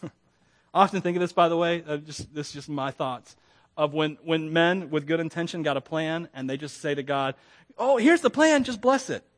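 A man's voice: a little high, moderate pace. A man preaching a sermon, telling stories with lots of laughter and acting out the characters' lines. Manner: animated storytelling, laughs often, acts out voices. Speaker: pastor.

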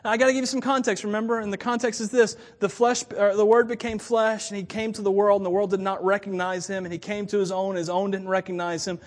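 A woman's voice: mid-range voice, little pitch movement, quick pace, hardly any pauses. A woman pastor giving a sermon in a casual, chatty way, with laughing asides. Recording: long reverb of a church hall.

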